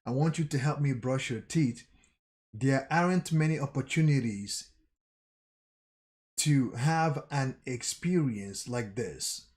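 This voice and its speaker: A man voicing a blunt, stubborn young male soldier, reading his lines slowly and flatly. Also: medium pitch, natural voice. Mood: calm.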